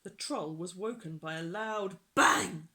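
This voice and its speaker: A storytime reader narrating a children's picture book gently and unhurriedly for young listeners. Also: mid-range voice, measured pace.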